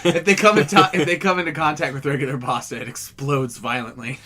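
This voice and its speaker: A man co-hosting a comedy podcast, firing off quick absurd one-liners in casual banter. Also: a little high, fairly even intonation, bright, forceful tone. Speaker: podcast co-host.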